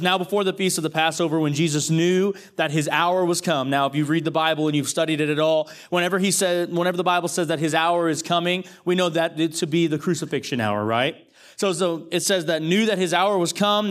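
A man preaching a conversational sermon, reading scripture and joking with the congregation. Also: on the high side. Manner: joking, animated, talks straight to the congregation. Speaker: pastor.

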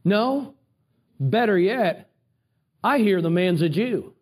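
A man's voice: high voice, animated, slow pace, breathy edge, heavily acted. A man voicing a proud, scheming male royal official in a retold Bible story. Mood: boastful. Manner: boastful, persuasive.

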